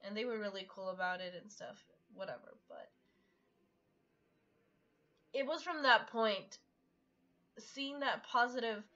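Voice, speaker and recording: A young adult woman telling a personal story in a casual storytime vlog, halting and full of fillers. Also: a little high, fairly bright tone. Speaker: art vlogger. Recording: dull lo-fi audio with faint music.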